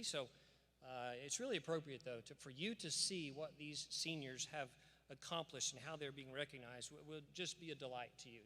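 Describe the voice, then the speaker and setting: A man's voice: on the high side, bright, forceful tone. A man giving an earnest, emphatic commencement address with scripture readings, in a preacherly cadence. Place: large church sanctuary. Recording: long reverb of a big church hall.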